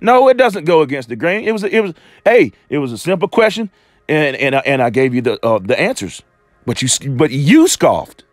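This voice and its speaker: A man's voice: a little high, no room sound, clean studio sound. A man ranting to camera in a preachy, scornful way, quoting scripture and rambling with restarts. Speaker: religious commentator. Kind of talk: off-the-cuff rant to camera.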